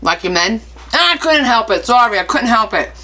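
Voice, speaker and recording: A woman's voice: a little high, very animated, fairly quick, pushed and bright. A woman hosting a casual craft live stream, chatty and playful, reading viewer comments aloud and answering them with jokey asides. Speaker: craft livestream host.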